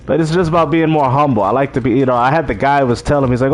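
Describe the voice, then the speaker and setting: A man's voice: medium pitch, racing. A man hosting a live stream, chatting in a laid-back way and laughing often. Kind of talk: casual livestream chat.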